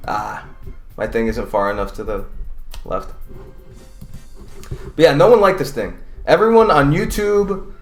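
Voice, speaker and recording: Male fight commentator, casual and profane, rambling delivery, echoey room. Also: mid-range voice. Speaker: combat sports commentator. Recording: roomy echo.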